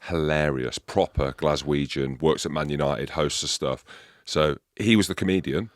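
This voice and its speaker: A man's voice: a bass voice, normal speed, no echo, studio quality. A man hosting a podcast, chatting casually and swearing freely as he tells jokey stories. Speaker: podcast host. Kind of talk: casual chat.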